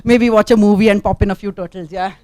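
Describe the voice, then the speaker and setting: A woman's voice: mid-range voice, fairly even intonation, fast talker, warm tone, no room sound, clean studio sound, natural voice. Woman doing a greedy gloating big eagle.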